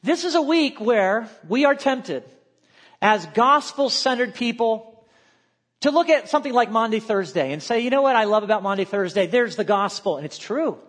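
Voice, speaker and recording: A man preaching a sermon, reading scripture aloud and shifting between emphatic lines and quiet, low asides. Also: lively intonation, normal speed. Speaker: pastor.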